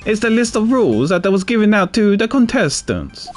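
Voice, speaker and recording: A man's voice: sits high, sing-song, normal speed, pitched above the performer's own voice. A man putting on a sing-song Italian pastry chef. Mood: grandiose. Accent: put-on Italian accent. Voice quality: sing-song, rising and falling tone. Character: proud flamboyant male pastry chef. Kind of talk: reading game dialogue aloud.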